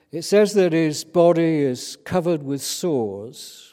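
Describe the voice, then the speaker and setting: A British man preaches slowly, his voice mellow and dark. He talks in an easygoing, chatty way, pausing often on hesitant fillers. The hall gives his words a long, echoing reverb. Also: a little high, expressive. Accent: British English. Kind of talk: sermon.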